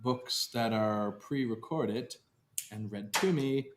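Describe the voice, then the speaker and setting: A man's voice: mid-range voice, slow pace. A man co-hosting a podcast in joking, playful casual chat. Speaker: podcast co-host.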